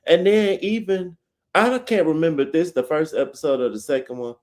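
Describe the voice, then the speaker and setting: A man's voice: fairly high pitch, fairly quick, darkish tone. A man co-hosting a podcast, giving blunt opinions in casual chat and mimicking others with mocking quotes. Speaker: podcast co-host.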